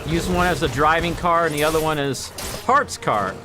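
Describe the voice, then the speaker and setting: A man streaming a game while telling a long, rambling story in casual chat, with quick asides to his viewers. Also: fairly high pitch. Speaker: gaming streamer. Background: faint game music.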